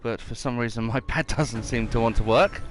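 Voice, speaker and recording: A man's voice: medium pitch, normal speed, a little hiss or hum. A man giving casual, rambling gameplay commentary and reading mission text aloud.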